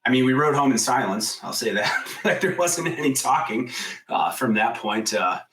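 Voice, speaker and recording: A man in his thirties, a guest on a podcast, tells a story in loose, casual talk. He says "like" constantly, swears freely, and gets loud when he acts out what people said. His voice sits a little back from the microphone. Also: mid-range voice, normal speed, distant mic, rough recording. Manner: animated storyteller, acts out quoted voices loudly; frequent "like" fillers, swears casually.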